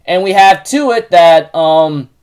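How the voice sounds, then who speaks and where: A man casually recapping a show episode, halting often with fillers and restarts. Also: high-pitched, lively intonation, darkish tone, clean tone. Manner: repeats stock phrases while retelling.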